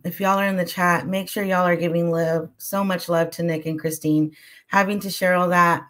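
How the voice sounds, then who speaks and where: A woman moderating an online panel, thanking speakers and introducing guests in a casual, friendly way, heard over a video call. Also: lowish voice. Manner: warm, casual, uses y'all. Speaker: session moderator.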